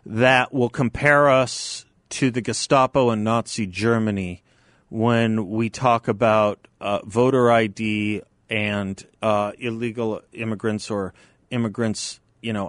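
Male radio host, lowish dry voice, emphatic, repeats himself for effect. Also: fairly bright tone, no room sound. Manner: emphatic, repeats key phrases. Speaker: radio talk show host. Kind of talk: talk radio conversation. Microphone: studio microphone.

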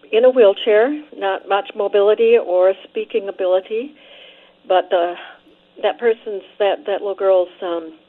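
A woman calls in to a talk radio show and tells her point haltingly, pausing and restarting often. Her voice comes through a thin, tinny phone line. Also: mid-range voice. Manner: hesitant, halting, many fillers. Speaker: caller.

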